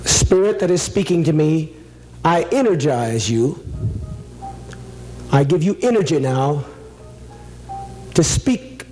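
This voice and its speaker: A man acting as a spirit medium in a seance, commanding and solemn, with sudden higher pleas. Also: warm tone, low-quality recording. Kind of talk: dramatic seance invocation.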